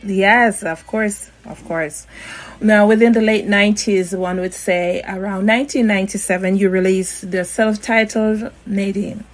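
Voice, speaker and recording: A woman's voice: medium pitch, steady tone, measured pace, low-quality recording. Woman host, polite, recovering from voice loss. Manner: polite, affirming, many ums. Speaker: interview host. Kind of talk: casual interview.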